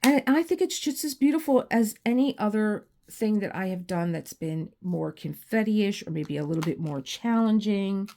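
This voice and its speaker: A tired, low-energy woman chatting casually while doing a craft, rambling with many restarts and growing teary as she tells personal stories. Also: expressive, normal speed, hardly any pauses, warm tone. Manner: rambling, restarts often, emotional storytelling. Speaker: crafting channel host. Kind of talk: casual chat while diamond painting. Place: home room.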